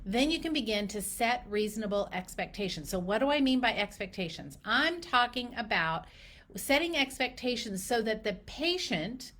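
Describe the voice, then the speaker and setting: Emphatic, animated woman coaching clinicians. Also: on the high side. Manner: emphatic, animated, acts out patient dialogue. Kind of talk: direct-to-camera business coaching.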